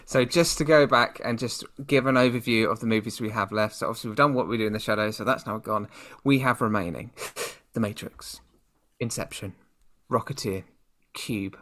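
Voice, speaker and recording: A young British man co-hosting a podcast, chatting in playful, excitable banter with a friend. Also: lowish voice, moderate pace. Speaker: podcast co-host. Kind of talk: casual chat.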